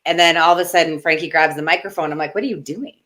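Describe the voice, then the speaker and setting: A woman's voice: low-pitched, fairly even intonation, fast talker, a bit bright. A middle-aged woman talking in a casual interview, emotional and gushing, close to tears at times. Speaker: guest, retired wrestler.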